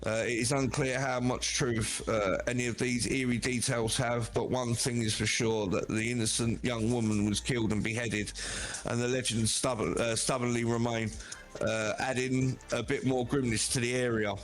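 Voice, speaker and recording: A man hosting a podcast, reading a horror story off his prompts with frequent "uh" pauses. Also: medium pitch, little pitch movement. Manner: halting, many "uh" fillers.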